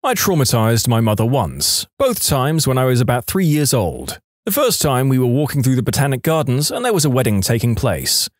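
A man narrating online stories for a podcast with an expressive storytelling delivery, recorded close on a studio mic. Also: medium pitch, moderate pace, no room sound. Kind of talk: reading online stories aloud.

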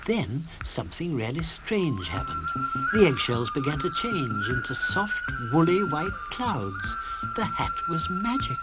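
Gentle male storyteller for a children's cartoon, slightly high and very lilting. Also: huge pitch swings, a little slow, over loud music, rough recording. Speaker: narrator. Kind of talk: storybook narration.

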